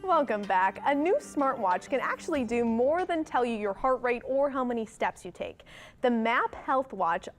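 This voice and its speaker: A woman from New Orleans anchors a morning newscast in a studio. Her voice sits a touch high, and she moves easily between crisp story reads and bright, teasing chatter with her co-anchor. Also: expressive, normal speed, soft background music. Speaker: TV news anchor. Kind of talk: morning news reading and co-anchor banter. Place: TV news studio.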